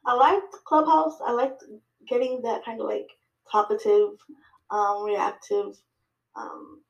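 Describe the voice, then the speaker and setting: A woman guesting on a podcast, telling her story in lively fashion, acting out her own dialogue, with many fillers and restarts. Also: medium pitch, slow pace, creaky, roomy sound, dull audio. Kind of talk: casual interview chat.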